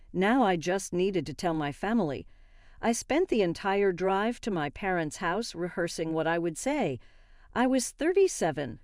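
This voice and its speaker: A woman reading a first-person story in an even, steady narration. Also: mid-range voice, dry recording, studio quality.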